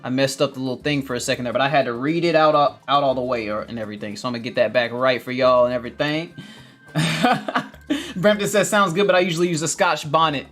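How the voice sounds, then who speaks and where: A man hosts a casual gardening livestream, reading viewer comments with energetic, upbeat chatter, laughing often and calling his viewers family. He speaks fast at a medium pitch, with soft background music playing.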